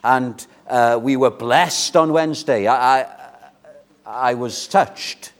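A man preaching an earnest, pleading sermon in church, swinging between loud and soft. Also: medium pitch, slow pace. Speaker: pastor.

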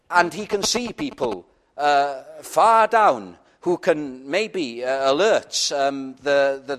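Slow, earnest male preacher. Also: a little high. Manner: earnest, pleading, pauses and drops to a quiet intimate tone. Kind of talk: sermon.

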